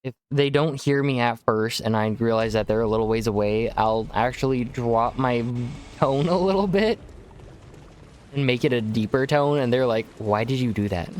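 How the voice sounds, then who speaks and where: A man's voice: mid-range voice, moderate pace, darkish tone. Sex: man. Style: chatty gaming streamer. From Texas. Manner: chatty, rambling, jumps into silly voices. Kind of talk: casual chat while playing. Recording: noisy stream audio.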